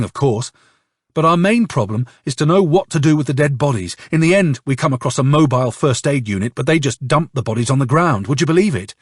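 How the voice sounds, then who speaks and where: A man reading an audiobook, playing a hoarse, bitter young officer who tells his story with curses and sarcasm. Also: medium pitch, no room sound, clean studio sound. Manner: angry, sardonic storytelling with curses. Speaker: audiobook narrator.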